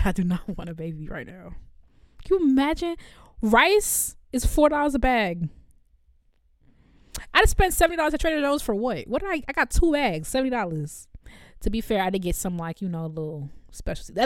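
A young woman, chatting casually as a podcast co-host and telling animated stories. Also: a little high, fairly quick, no room sound, studio quality. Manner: animated storytelling, laughs often, acts out voices. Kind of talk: casual chat.

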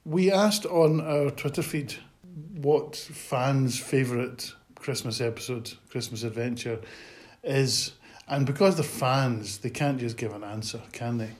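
A man's voice: mid-range voice, measured pace. A man co-hosting a podcast in casual chat, hesitant with restarts and wry in tone. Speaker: podcast co-host.

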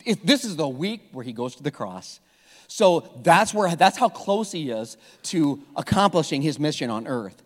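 Lively high-voiced pastor preaching in a hall. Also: male voice. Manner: animated storytelling with jokes and repeated words. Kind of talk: sermon. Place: church sanctuary. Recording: long hall reverb.

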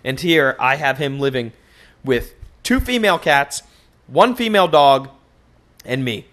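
A young man hosting a casual solo podcast, joking and cursing through loose, animated stories. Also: medium pitch, measured pace. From United States. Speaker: podcast host.

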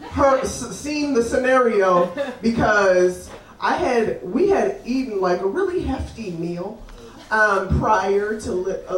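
A woman's voice: fairly high pitch, recorded from a distance. Live storyteller, woman, brash and giggly, roomy venue, audience audible. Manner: animated, swearing, laughing often.

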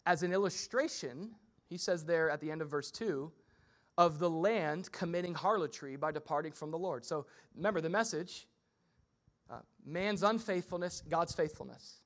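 A young male pastor with a high, light voice delivers a sermon. He keeps it casual and funny, and jumps in and out of quick impressions of the people in his story. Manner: conversational and humorous, acting out quick voices.

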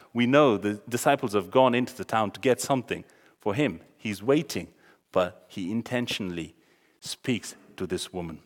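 A man preaching a sermon, acting out the story's dialogue with sudden loud exclamations. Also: mid-range voice. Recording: long hall reverb.

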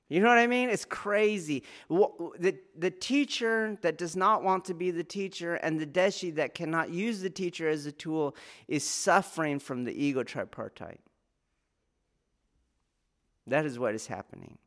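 A man's voice: fairly high pitch, moderate pace, a bit bright. A man teaching martial arts in a spoken talk, earnest and questioning, repeating key phrases for emphasis. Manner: asks the listener rhetorical questions.

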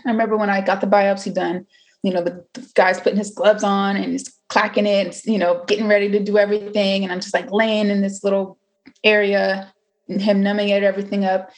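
Young woman in her twenties, candid and chatty storyteller, mid pitch. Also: flat delivery, a little fast. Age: 20s. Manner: candid, chatty, full of fillers and acted-out quotes. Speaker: cancer survivor telling her story. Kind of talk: personal storytelling.

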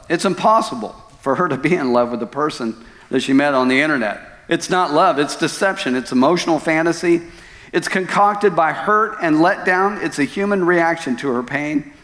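A male pastor preaching a sermon, telling stories dramatically with loud outbursts and hushed lines. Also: medium pitch. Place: church sanctuary. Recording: long church hall reverb.

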